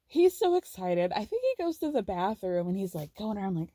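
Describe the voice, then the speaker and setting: A woman hosting a podcast, recapping reality TV in a chatty, giggly, animated way. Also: mid-range voice, a little fast, hardly any pauses, breathy edge, dry recording. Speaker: podcast host.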